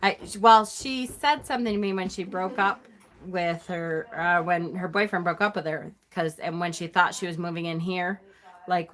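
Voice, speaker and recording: A woman's voice: fairly low pitch, fairly even intonation, normal speed, fairly bright tone. A middle-aged woman hosting a live tarot stream, chatting casually with an exasperated, laughing manner.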